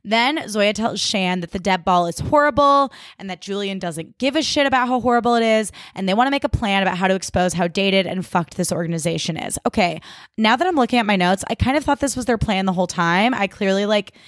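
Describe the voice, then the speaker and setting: A woman's voice: medium pitch, a little fast, no room sound, clean studio sound. Chatty woman podcast host. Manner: chatty, lots of "like", wry asides. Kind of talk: casual TV recap chat.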